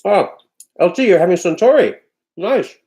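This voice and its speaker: A man's voice: high-pitched, lively intonation, moderate pace, dark tone. A man hosting a livestream from home, casually chatting and reading out viewer comments in a loose, offhand way. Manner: loose, chatty and offhand, often breaking into laughter. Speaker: livestream host.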